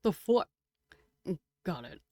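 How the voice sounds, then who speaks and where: Excitable, swearing female streamer. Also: takes it slowly, no echo, clean studio sound. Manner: excitable, swears casually, chatty. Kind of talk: reading a game aloud and chatting with viewers.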